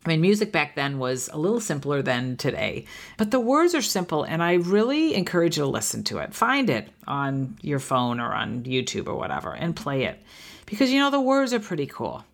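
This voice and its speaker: A heartfelt woman in her fifties hosts a podcast in a slightly low voice. She speaks earnestly, often restarting her sentences as she reflects out loud. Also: wildly swooping pitch, a little fast, vocal fry. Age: 50s. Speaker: podcast host.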